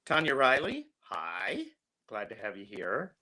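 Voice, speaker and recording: Chatty bright-voiced man in his fifties. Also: lowish voice, wildly swooping pitch, a little slow. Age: 50s. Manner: chatty, greets viewers by name. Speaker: livestream host. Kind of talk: casual livestream chat.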